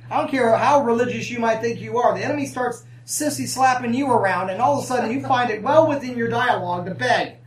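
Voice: mid-range voice, fast, hardly any pauses. Roomy, distant preacher calling for amens. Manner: call-and-response, asking the congregation for amens; conversational, with humorous asides and laughs. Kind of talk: sermon. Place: church sanctuary. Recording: roomy, distant mic, faint ambience.

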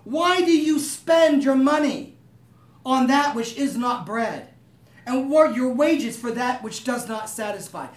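A man's voice: very high voice, animated, slow pace. Echoey distant man preaching. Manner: conversational, asks the room for agreement. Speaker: pastor. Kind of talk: sermon.

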